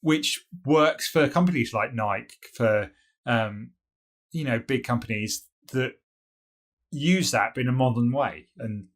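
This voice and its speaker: A man's voice: medium pitch, slow. A British man from the UK co-hosting a podcast, giving thoughtful, hesitant answers full of "you know" and restarts. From United Kingdom. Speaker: podcast co-host. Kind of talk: casual podcast chat.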